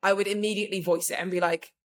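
Speaking rapid-fire in a steady, medium-pitched voice, a woman co-hosts a podcast. Her casual chatter rambles and leans heavily on fillers, with "like" coming up constantly.

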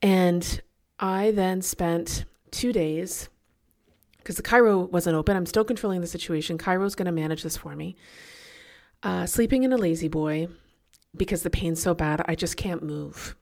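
A woman hosting a leadership podcast, telling a personal story in a chatty, animated way and laughing at herself now and then. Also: on the low side, moderate pace, creaky. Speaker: podcast host.

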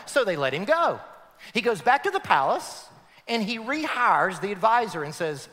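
A male pastor preaching with lively, swooping emphasis and a high, bright voice. His sermon rings out with a long reverb through a big church hall. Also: normal speed. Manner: animated emphatic preaching, addressing the congregation.

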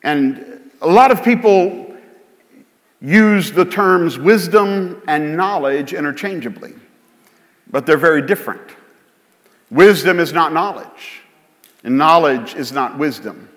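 A pastor with a fairly high, expressive voice preaches slowly, leaving long pauses. His sermon is conversational, full of jokes at his own expense, and a long hall reverb fills the church sanctuary.

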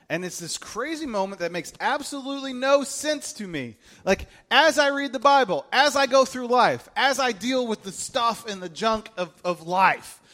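A man's voice: very high-pitched, moderate pace, hardly any pauses. A man preaching a sermon to a congregation in a casual, joking way, acting out voices as he tells the story. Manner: humorous, animated, acts out quoted voices. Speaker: pastor.

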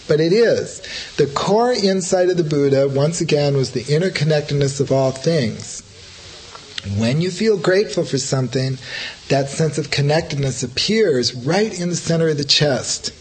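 A man's voice: fairly high pitch, lively intonation, normal speed, rough recording. A middle-aged man, a Buddhist teacher, giving an informal dharma talk in a loose, conversational way, full of fillers and restarts. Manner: rambling, conversational, full of "you know, like" fillers.

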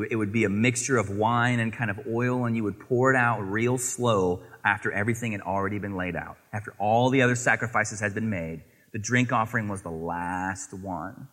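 A male pastor preaching an expository sermon, asking rhetorical questions and moving between emphatic lines and hushed ones. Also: medium pitch.

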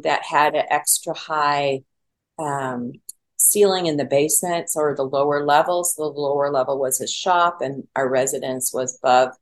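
Middle-aged woman, pretty low voice, talks about herself honestly and laughs at her own mistakes, lots of ums. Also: low-quality recording. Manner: candid, self-deprecating, with many fillers. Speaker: podcast guest. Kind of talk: personal storytelling.

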